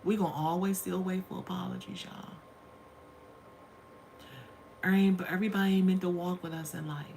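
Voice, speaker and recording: A woman's voice: on the low side, fairly even intonation, quick pace, vocal fry, darkish tone, slight background noise. Chatty woman hosting a livestream. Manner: chatty, calls viewers honey and y'all. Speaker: livestream host. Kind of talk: casual livestream storytelling. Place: home.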